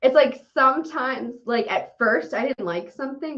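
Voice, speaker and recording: A young adult woman co-hosting a podcast in casual chat, animated and swearing often as she rants. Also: a little high, normal speed, hardly any pauses. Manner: animated, swears often, laughs while ranting. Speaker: podcast co-host. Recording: dull lo-fi audio.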